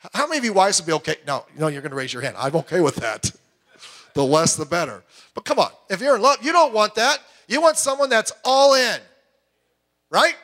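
Man, middle-aged, pastor, high voice, emphatic sermon delivery, loud then hushed. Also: big pitch swings, brisk. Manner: emphatic, swings between loud urging and quiet asides.

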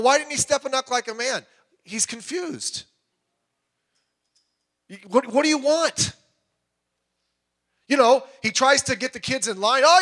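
A middle-aged male pastor delivering a sermon in a rather high voice. He talks in an animated way and slips into quoted voices with big leaps in pitch.

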